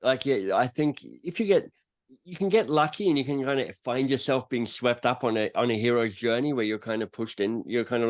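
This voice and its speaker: A man talks briskly at medium pitch, interviewed on a podcast as a guest author and coach. Animated and story-driven, he acts out brief quotes throughout.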